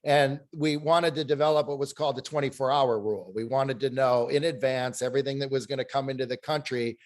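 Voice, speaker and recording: Animated storytelling man on a panel. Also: medium pitch, a little fast. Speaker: webinar panelist. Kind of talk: panel discussion.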